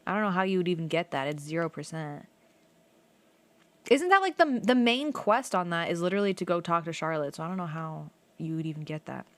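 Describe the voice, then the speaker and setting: A woman's voice: fairly low pitch, no echo. A young woman streaming a video game, rambling through casual stories with lots of "like" and the odd swear. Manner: rambling, animated storytelling with frequent "like" and swearing. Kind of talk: casual let's play chat.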